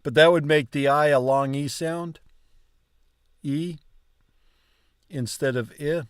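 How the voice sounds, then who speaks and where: A man learning a language, chatting casually and slowly repeating words as he asks how to pronounce them. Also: a little high, clean tone, no echo, studio quality. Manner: slow, questioning, repeats words to test pronunciation. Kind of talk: casual chat about pronunciation.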